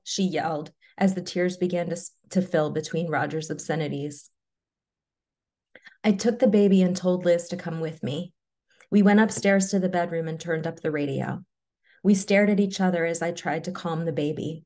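A woman reading a personal story aloud in a measured, low-key way, then presenting to an audience. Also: dark tone. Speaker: webinar presenter.

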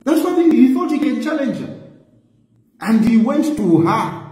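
A man with a Zambian accent giving animated political reaction commentary, firing rhetorical questions. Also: very high voice, moderate pace, echoey room, in a large hall, low-quality recording. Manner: animated, repeats rhetorical questions, laughs mockingly.

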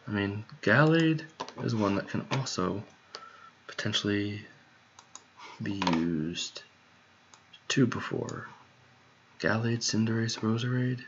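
A man's voice: lowish voice, animated, takes it slowly, pauses often. A man muttering to himself as he works out song lyrics, trying word pairs under his breath. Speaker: songwriter. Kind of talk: muttering while working on lyrics. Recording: dull lo-fi mic with faint noise.

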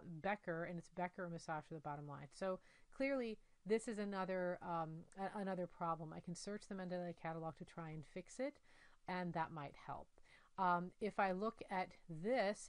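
A woman giving a software tutorial, talking through each step in a relaxed way with many ums and uhs. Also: fairly low pitch, dry recording. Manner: relaxed, thinking aloud with frequent um and uh. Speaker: instructor demonstrating software. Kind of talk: screen-recorded tutorial walkthrough.

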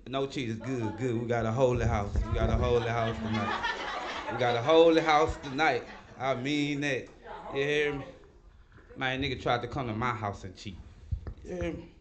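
A man doing live stand-up comedy, working the crowd loudly and repeating his punchlines. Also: mid-range voice. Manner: loud, animated crowd work with repeated tags. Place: comedy club stage.

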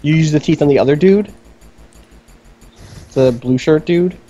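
A man's voice: fairly high pitch, a little slow, warm tone, lo-fi sound, soft background music. A man co-hosting a game stream, encouraging the player and explaining how the game works. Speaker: co-host watching the stream. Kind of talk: casual let's play chat.

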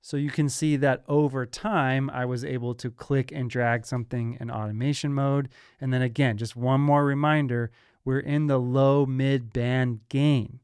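A man hosting a music production tutorial, explaining software steps in a casual, upbeat way. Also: medium pitch, fairly even intonation, measured pace, smooth, dry recording, studio quality. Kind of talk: screen-recorded software tutorial.

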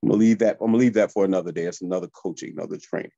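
A man, a real estate coach telling motivational stories to listeners in a lively, high-energy way. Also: rapid-fire, creaky, no room sound, dull audio. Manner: high-energy, animated, addresses listeners as y'all. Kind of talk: motivational storytelling.

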